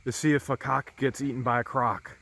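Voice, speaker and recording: Male vlog host, mid pitch, bright edge, excitable, whispers often, outdoors. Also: brisk, vocal fry. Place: outdoors by a swamp.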